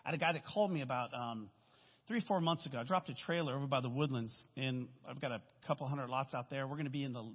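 Here a fast-talking man with a mid-range voice and a breathy edge rambles through a candid testimony sermon as a guest in church. He keeps checking in with "right?", and the sanctuary audio sounds dull, washed in long hall reverb.

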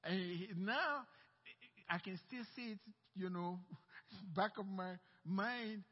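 A man's voice: high-pitched, slow pace, slightly rough. A male pastor preaching a sermon with impassioned delivery and personal storytelling. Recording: dull sound with long hall reverb.

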